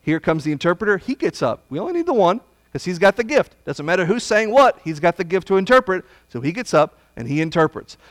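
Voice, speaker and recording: A man preaching a Bible study sermon, blunt and folksy, swinging from loud emphasis to hushed asides. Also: high-pitched, very animated, fast, few pauses, no room sound.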